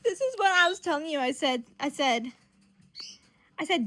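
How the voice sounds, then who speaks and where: High-voiced, animated woman recapping comics. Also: moderate pace, dry recording. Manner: profane, giggly and animated. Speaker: comic book reviewer. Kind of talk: casual comic reading recap.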